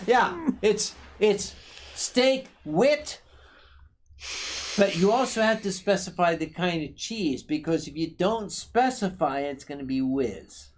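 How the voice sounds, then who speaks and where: A man hosting a tipsy, casual drinking stream, telling stories slowly and deliberately. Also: fairly high pitch, animated. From Philadelphia. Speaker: host.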